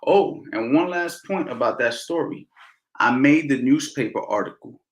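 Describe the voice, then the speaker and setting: Animated slangy boxing coach, roomy sound. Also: male voice, mid-range voice, moderate pace. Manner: animated, slangy, repeats phrases for emphasis. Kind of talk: casual Q&A storytelling. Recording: roomy echo.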